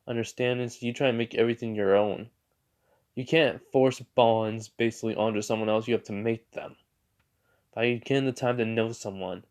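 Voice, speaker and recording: A man's voice: mid-range voice, a little mellow, lightly acted. A man voicing a defiant young male magic knight, boastful and taunting, in a casual fan retelling. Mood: scornful.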